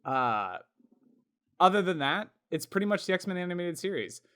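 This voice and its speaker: A man co-hosting a podcast in casual chat, talkative and quick to laugh, with plenty of fillers. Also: sits high, big pitch swings, sharp tone, clear, resonant tone. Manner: chatty, laughs often, lots of fillers. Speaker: podcast co-host.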